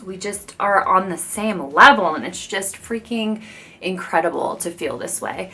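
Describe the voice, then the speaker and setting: A woman in her thirties talks to her viewers while doing her makeup at home, gushing and confiding as if to close friends. Her voice is bright and forward, at a middle pitch. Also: animated, measured pace. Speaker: beauty vlogger. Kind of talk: chatty get-ready-with-me talk.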